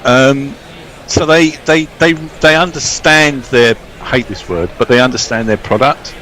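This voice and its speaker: A man's voice: mid-range voice, a little slow, sharp tone, a little hiss or hum, low-quality recording. A man chatting casually as a cricket co-commentator, rambling and stumbling over repeated words. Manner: rambling, hesitant, repeats words when starting. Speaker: co-commentator reading listener tweets. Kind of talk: casual commentary-box chat.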